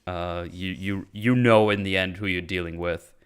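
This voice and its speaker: A man hosting a casual movie podcast, laughing often and acting out scenes in quick silly voices. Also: sits low, fairly even intonation, smooth. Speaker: podcast host. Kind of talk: casual movie-review chat.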